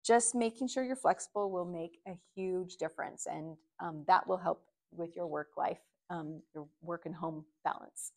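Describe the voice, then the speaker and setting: Woman presenter, middle-aged, gravelly fry in her voice, direct advice to viewers. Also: fairly low pitch, normal speed, hardly any pauses. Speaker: workshop presenter. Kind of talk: video workshop teaching.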